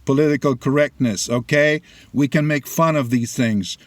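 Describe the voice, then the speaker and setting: A man's voice: medium pitch, dry recording. A middle-aged man whose first language is Spanish, giving a blunt, opinionated monologue of political commentary with personal stories. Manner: deliberate, blunt, opinionated storytelling.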